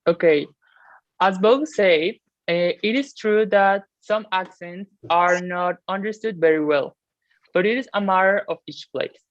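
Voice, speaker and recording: A woman's voice: lowish voice, a little slow, dry recording. A woman interviewing classmates, reading her questions carefully with small restarts. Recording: dull lo-fi recording.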